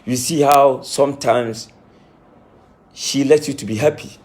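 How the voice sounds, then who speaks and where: In an unhurried, mid-range voice with fairly even intonation and a darkish tone, a man speaks as a self-styled spiritualist in an impassioned monologue to camera. He scolds with emphasis and repetition, claiming he is in tears.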